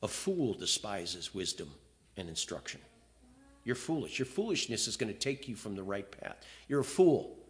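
In a low-leaning voice at normal speed, a male pastor preaches with great animation. He reads scripture with feeling, moving back and forth between loud, emphatic declarations and soft, hushed confessions.

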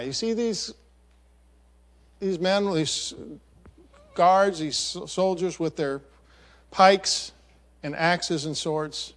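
Man preaching a story with halting repeats. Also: high-pitched. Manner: narrates a picture, acts out voices of the story. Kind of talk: sermon storytelling.

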